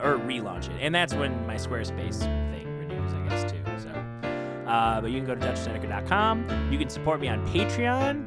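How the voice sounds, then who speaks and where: A young man hosting his own podcast, ranting off the cuff with laughter and exasperation. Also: mid-range voice. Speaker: podcast host and musician.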